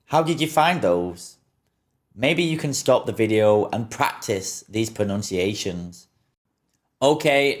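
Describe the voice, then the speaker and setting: A man teaching English plurals, saying each word slowly and repeating it patiently for learners. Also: on the low side. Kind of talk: slow, repetitive pronunciation lesson.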